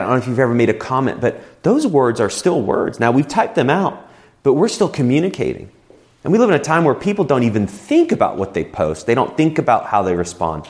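A man's voice: medium pitch, a little mellow. A man preaching a sermon as a pastor, conversational and telling personal stories. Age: adult with children.

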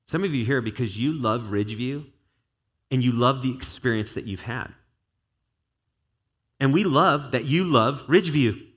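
A man's voice: mid-range voice, fairly bright tone, slightly rough. A man, a pastor, preaching an earnest and conversational sermon to his church, with a stretch of spoken prayer.

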